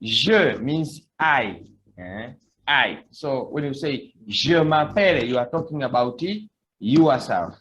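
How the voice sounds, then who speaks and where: A man's voice: medium pitch, animated, slow, fairly bright tone. A man teaching a beginner language lesson, patiently repeating words for students to echo. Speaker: French teacher.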